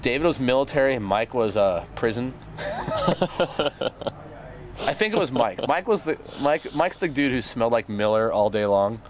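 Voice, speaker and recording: A man's voice: medium pitch, expressive, moderate pace, long pauses. A young man, a band member on tour, tells a rambling, profane story, laughing as he goes. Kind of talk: casual storytelling.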